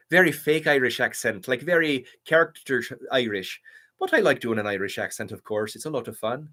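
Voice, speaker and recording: Hosting a live stream Q&A, a man answers chat with enthusiastic, rambling fan talk packed with fillers. His medium-pitched voice sounds pushed and bright.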